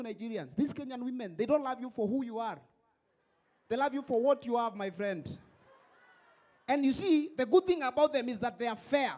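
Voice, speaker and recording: A man hosting a stand-up comedy show on stage, animated and mixing English with Swahili. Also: extremely high pitch.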